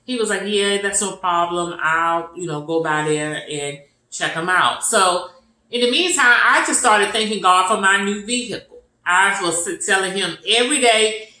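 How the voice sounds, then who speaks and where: A woman's voice: medium pitch, moderate pace, bright, forceful tone, reverberant, rough recording. A woman casually telling a personal faith testimony, acting out the conversations she had. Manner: retells conversations in quoted voices, repetitive and earnest. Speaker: storyteller sharing a testimony.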